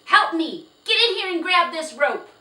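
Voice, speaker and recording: A woman voicing an angry, gruff old man who shouts and snarls threats at a horse and children. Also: medium pitch, very animated, a little slow, full character voice. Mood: raging. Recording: roomy, distant, faint hiss.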